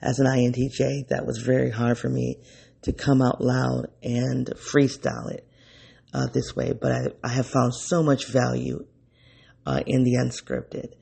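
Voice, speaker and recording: A man's voice: medium pitch, monotone, measured pace, creaky, warm tone, breathy edge. A man hosting an unscripted solo podcast in his early-morning voice, rambling and correcting himself as he thinks aloud. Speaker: podcast host.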